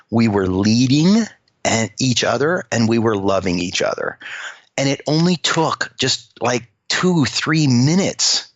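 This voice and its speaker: A man's voice: medium pitch, no room sound. A man, a company CEO, telling workplace stories as a guest and acting out the quoted dialogue. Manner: animated storyteller who acts out quoted dialogue. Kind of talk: storytelling interview talk. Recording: dull dry lo-fi audio.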